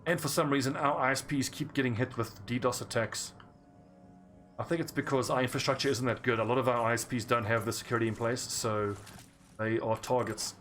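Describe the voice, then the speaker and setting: Over soft background music, a gaming streamer talks briskly in a medium-pitched, slightly bright voice with fairly even intonation. He has an English South African accent and chats loosely while playing, quick to laugh.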